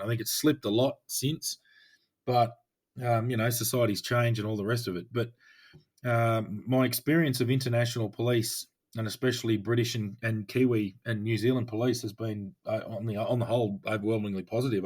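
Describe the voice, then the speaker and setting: An Australian man, a police officer co-hosting a podcast, talking in an easygoing, thoughtful way with many filler pauses. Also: mid-range voice. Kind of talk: casual chat.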